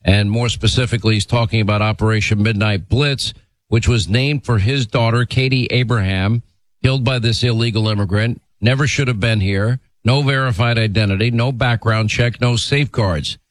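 A male talk radio host opening a segment and questioning a guest in a brisk, emphatic delivery. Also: fairly low pitch, no room sound. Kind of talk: talk radio monologue and interview.

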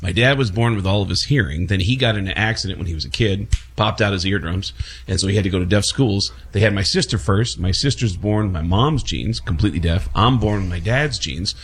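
Husky comic guy from the bronx, fast talker on a talk show. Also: on the low side. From the Bronx, New York. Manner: fast storyteller, jumps into voices. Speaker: comedian and guest.

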